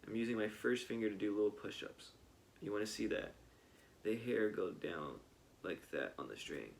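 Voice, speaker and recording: A low-voiced man gives a casual cello lesson, his voice gravelly with fry. He talks in an easygoing way, pausing on fillers and counting the beats aloud. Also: animated, slight background noise. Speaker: cello teacher. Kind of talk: casual instructional talk. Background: cello playing between explanations.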